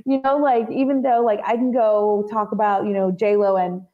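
A woman co-hosting a podcast in casual chat, laughing often and quoting characters with animated delivery. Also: medium pitch, moderate pace, muffled recording. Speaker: podcast co-host.

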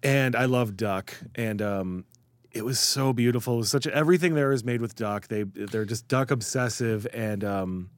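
A man's voice: mid-range voice, normal speed, no room sound. A man from the Chicago area, a food writer guest, chatting casually and acting out quoted voices as he tells stories. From Chicago area, USA. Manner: animated storyteller, acts out quoted voices. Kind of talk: casual interview talk.

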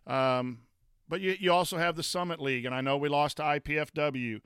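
A man's voice: on the high side, brisk, a bit bright, clean tone, dry recording, clean studio sound. A man, a former coach co-hosting a casual sports chat, rambling with many fillers and restarts. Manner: reads chat comments aloud. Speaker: podcast co-host, former coach.

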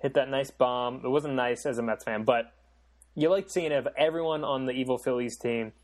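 A man's voice: mid-range voice, normal speed. A man co-hosting a casual sports podcast, blunt and opinionated, swearing casually as he talks. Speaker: podcast co-host. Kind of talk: casual chat.

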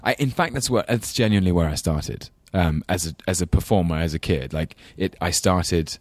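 A man's voice: low-pitched, normal speed, dry recording. A man with an English London accent, a guest on a talk show, chatting in a thoughtful, rambling way and laughing easily. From England. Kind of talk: casual chat.

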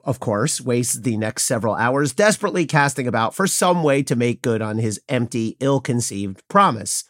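A man's voice: medium pitch, fairly bright tone, no room sound, studio quality. A man hosting a podcast, delivering scripted political commentary in a wry, pointed, opinionated manner. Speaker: podcast host.

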